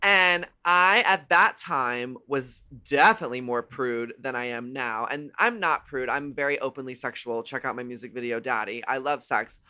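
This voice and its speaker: A woman as a podcast guest, telling candid, bawdy stories in a casual, animated way. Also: a bass voice, normal speed, hardly any pauses. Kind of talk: casual storytelling chat.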